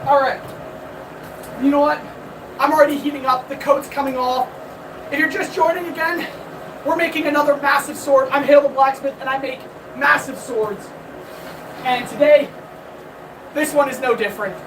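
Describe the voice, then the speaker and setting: A woman's voice: sits high, moderate pace, long pauses. A woman blacksmith chatting casually on a live stream while she forges, upbeat and greeting viewers, out of breath from hammering. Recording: distant mic with loud forge noise.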